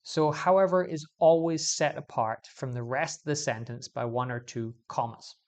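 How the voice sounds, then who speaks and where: A man teaching English grammar in a video lesson, explaining clearly and stressing key words as he goes. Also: medium pitch, normal speed.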